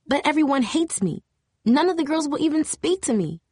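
A woman's voice: sits high, big pitch swings, fairly quick, a little mellow, no room sound, studio quality, voice pushed up. A woman reading an audiobook, voicing a tearful, bitter teenage girl cheerleader in a shaky, raised voice. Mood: upset. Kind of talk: audiobook character voice.

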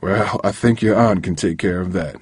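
A man's voice: sits low, normal speed, a little mellow, husky, no room sound, clean studio sound. A man voicing a concerned father checking on his son.

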